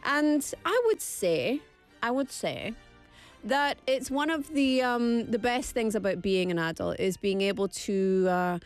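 A woman's voice: fairly high pitch, expressive, a little slow, soft background music. A woman hosting a casual vlog segment, talking in a playful, thoughtful way and stretching words for emphasis.

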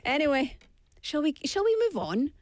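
Speaking into the studio mic on her live radio show, this Scottish host is chatty, playful, and self-mocking. She has a high, very animated voice with a darkish tone, a moderate pace, and no echo.

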